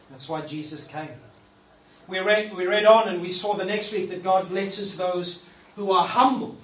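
With a high, fairly bright voice and a measured pace, a pastor delivers a sermon in a church hall. He's casual and playful, dramatizing the prayers he quotes, while a distant mic captures echo and faint noise.

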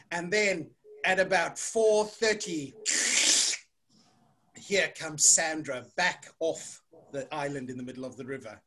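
Woman, children's church story, very lively pitch, asks questions, animated.

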